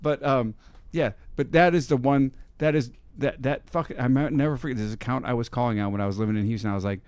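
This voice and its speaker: A man in the middle of a loose podcast chat, loud and animated, cursing freely and laughing through his stories. His voice sits at an ordinary pitch and is recorded close and dry in a studio, with no room sound. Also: quick pace, clear, resonant tone, no echo. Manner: animated, swears a lot, laughs often. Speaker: podcast co-host. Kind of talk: casual profane chat.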